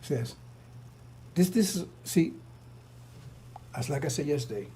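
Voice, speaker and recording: A man's voice: on the high side, expressive, measured pace, warm tone, a little hiss or hum. A man giving an informal religious talk, rambling and repetitive, full of rhetorical questions. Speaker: preacher.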